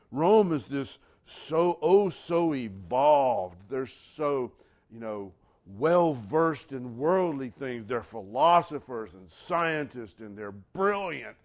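A man preaching a sermon as pastor, animated and asking his congregation questions. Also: medium pitch. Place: church.

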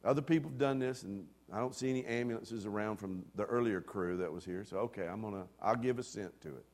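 Animated preacher man telling a story. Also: on the low side, fast talker. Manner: animated, swings from hushed asides to loud excited bursts; self-deprecating humor. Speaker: pastor. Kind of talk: storytelling sermon.

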